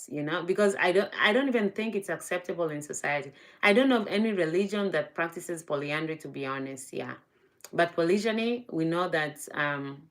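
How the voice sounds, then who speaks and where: A woman hosting a casual livestream. She sounds sleepy and unhurried, trailing off with "yeah" between thoughts. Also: lowish voice, a bit bright. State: sleepy, low energy. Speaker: livestream host.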